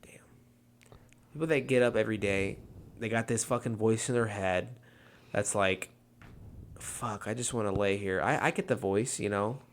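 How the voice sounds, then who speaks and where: A man's voice: lowish voice, normal speed, pauses often, slight background noise. A man co-hosting a podcast, rambling and joking in casual chat. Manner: rambling, freestyling, playful. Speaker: podcast co-host.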